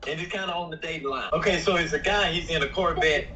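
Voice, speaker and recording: Man, easygoing joke teller, informal, bright forceful tone, distant call audio, faint hiss. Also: fairly high pitch, fast talker. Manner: easygoing storyteller, informal grammar. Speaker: guest. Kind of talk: casual joke telling. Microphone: video call.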